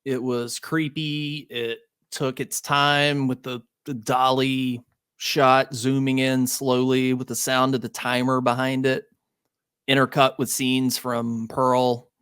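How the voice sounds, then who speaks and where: A male guest on a film podcast, talking through his opinions in a measured way. He speaks slowly and deliberately. The recording is dry, with no room echo. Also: mid-range voice, little pitch movement, fairly bright tone, smooth. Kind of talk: casual film review chat.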